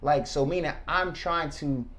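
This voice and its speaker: A man, a former state trooper, telling his story as a podcast guest, animated and acting out what people said. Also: fairly high pitch, a little slow. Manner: animated, acts out quotes. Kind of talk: casual storytelling.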